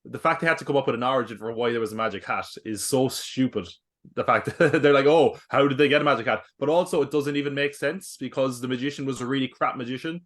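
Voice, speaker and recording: Critical mid-pitched man picking apart a film. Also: fast, fairly bright tone. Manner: critical, picks apart the plot. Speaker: podcast co-host, schoolteacher. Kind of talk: casual movie review chat.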